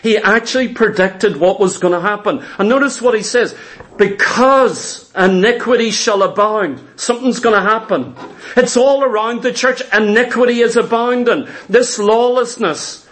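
High-voiced preacher, fervent. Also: male voice, normal speed, a bit bright. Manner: fervent, emphatic, repeats for stress. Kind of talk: sermon.

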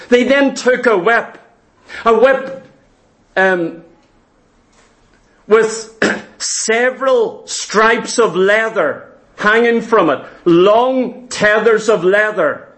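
A man's voice: extremely high pitch, fairly bright tone. A man preaching a sermon in an earnest, emphatic way, asking his listeners questions.

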